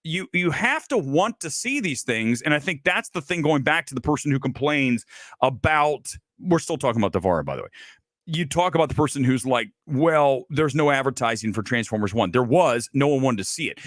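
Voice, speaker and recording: A sarcastic male host rants about films in a blunt, swearing style. His pitch swings widely from line to line. The sound is dry and close, with no room echo. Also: very animated, fairly quick, a bit bright. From Los Angeles area resident. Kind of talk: casual ranting film commentary.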